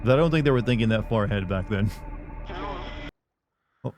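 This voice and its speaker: A young livestreamer chats casually with his viewers while playing a game live, rambling and using lots of fillers as he talks to chat. His voice is lowish and a little mellow, his pace brisk, with faint music behind him.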